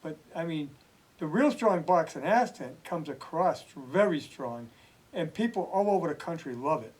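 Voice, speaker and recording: A man hosting a relaxed TV interview who chats in an easygoing way. His voice is unusually high for a man. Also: moderate pace, breathy edge, poor audio. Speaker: TV host. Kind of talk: casual interview chat.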